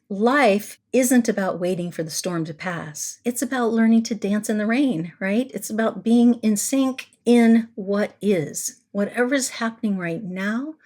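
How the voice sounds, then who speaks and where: Calm coaching woman therapist. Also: medium pitch. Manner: calm, coaching, repeats key words for emphasis. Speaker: parenting therapist and podcast host. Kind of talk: solo podcast teaching.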